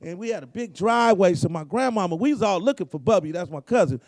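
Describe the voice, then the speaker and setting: A hoarse man, telling profane, laid-back comedic stories about his family. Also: high voice, animated, fast, a little mellow, no echo. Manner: profane, laid-back storytelling, acts out quotes. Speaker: guest comedian. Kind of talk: storytelling comedy.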